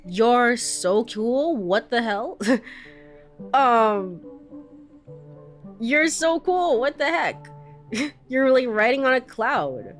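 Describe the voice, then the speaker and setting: A woman's voice: a little high, lively intonation, extremely slow, long pauses, faint music behind. A woman giving casual let's-play commentary in a chatty way, often laughing and trailing off. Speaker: streamer.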